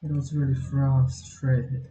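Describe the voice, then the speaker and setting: A man's voice: medium pitch, monotone, slow pace, dark tone, echoey room, lo-fi sound. A tired man with a Chinese accent, muttering in weary frustration during a casual screen-recording vlog.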